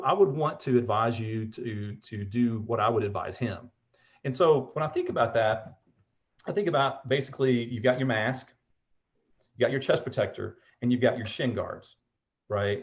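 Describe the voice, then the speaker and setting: A middle-pitched man in his forties who talks in a loose, rambling way, full of fillers, with a fatherly air. He sounds like he's on a call, and the audio comes through dull and lo-fi. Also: lively intonation, normal speed. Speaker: umpire equipment seller and mentor. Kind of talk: casual call-in chat.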